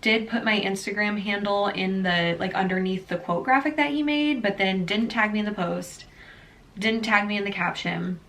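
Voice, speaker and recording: Young adult woman, small-business vlogger; earnest, easily upset, filler-heavy chatter, mid-pitched voice. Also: normal speed, a bit bright. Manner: earnest and upset, close to tears. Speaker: small business owner and artist. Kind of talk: casual vlog talk to camera.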